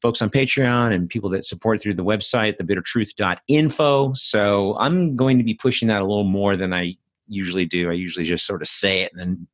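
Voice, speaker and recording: Blunt, profane man with a very low voice. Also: brisk, dry recording. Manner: blunt and profane, with frequent fillers. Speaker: podcast host. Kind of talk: solo casual monologue.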